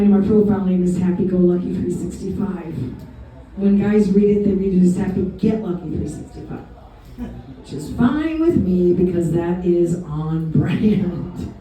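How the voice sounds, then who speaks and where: A woman's voice: lowish voice, dark tone, heavy reverb, far from the mic, a little hiss or hum, poor audio. A woman doing a bawdy, confessional stand-up set in a pizza restaurant, laughing at her own jokes. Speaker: stand-up comedian. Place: pizza restaurant comedy night.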